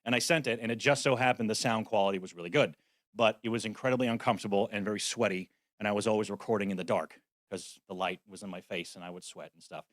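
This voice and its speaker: A man's voice: fairly low pitch, quick pace, dry recording. Guy giving a conference talk on voice acting, wry and practical, dry close sound. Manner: practical, wry, self-deprecating asides. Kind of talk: conference presentation. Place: conference venue.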